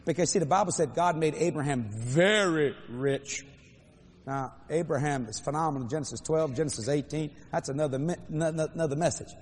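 An older man preaching a storytelling sermon in a large hall, animated and playful with dramatic swings. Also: on the high side, fairly quick, slightly rough. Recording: echoey hall, faint crowd ambience.

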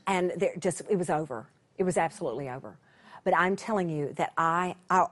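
A woman, a Bible teacher telling a personal story to her broadcast viewers. She talks in a chatty way, restarts her sentences and laughs at herself, and she drops to a hush at tender moments. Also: on the low side, brisk.

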